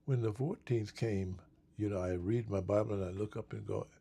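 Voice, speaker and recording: A man in casual talk as pastor and co-host, emphatic, slowing down and stressing scripture. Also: on the low side, steady tone, gravelly, husky. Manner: emphatic, slows and gets louder on scripture. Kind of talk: preaching in casual chat.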